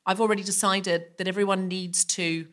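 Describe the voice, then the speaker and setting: A woman's voice: medium pitch, flat delivery, brisk, fairly bright tone. Thoughtful woman hosting a live podcast. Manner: thoughtful, explaining. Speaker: podcast host.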